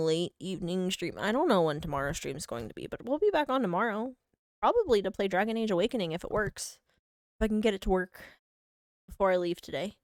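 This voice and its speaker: A young woman game streamer rambles casually from home, playing up little mock-whiny complaints and poking fun at herself. Her voice sits low for a woman and has a gravelly fry to it. The sound is dry, with no room echo. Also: darkish tone. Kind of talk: casual live-stream chat.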